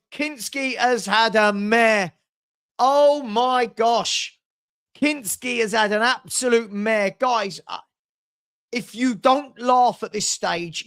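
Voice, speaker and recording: Exasperated fan hosting a match watchalong. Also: male voice, high-pitched. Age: older. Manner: exasperated, sarcastic, bursts into shouts. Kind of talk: live football watchalong commentary.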